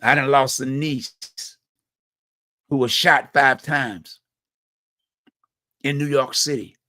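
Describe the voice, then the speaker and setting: A bright, forceful mid-range voice comes from a middle-aged man from Hampton Roads, Virginia, who keeps a steady tone and takes it slowly as he hosts a community talk show. His personal monologue on community violence is blunt, repetitive, slangy, and conversational, captured at studio quality with no echo.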